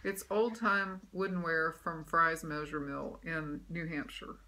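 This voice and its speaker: A woman who vlogs about cross-stitch shows off her projects in a relaxed chat from a room at home, full of ums and false starts as she rambles. She speaks a little slowly in a low-sitting voice that is pushed and bright, with fairly even intonation.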